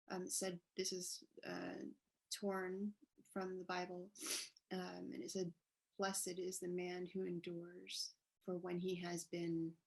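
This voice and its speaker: Soft-spoken woman with a gravelly low voice. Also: low-quality recording. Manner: soft, halting, emotional, many fillers. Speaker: panel speaker, artist. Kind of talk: casual panel talk. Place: downtown apartment with street noise.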